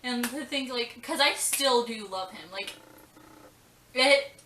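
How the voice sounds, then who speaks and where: A woman's voice: fairly high pitch, slow, bright, forceful tone, slight background noise. Chatty young woman, roomy far-off sound. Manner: rambling, emotional, full of fillers and quoted dialogue. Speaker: vlogger. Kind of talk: casual storytime vlog. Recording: roomy, distant from the mic.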